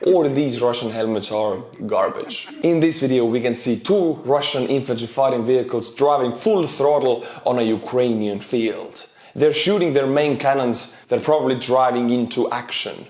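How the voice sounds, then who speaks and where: A man's voice: medium pitch, moderate pace, hardly any pauses, darkish tone. A man, in his thirties, narrating war footage with a dry, wry humor. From Estonia. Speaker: war commentary host. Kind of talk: narrated video commentary. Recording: roomy echo.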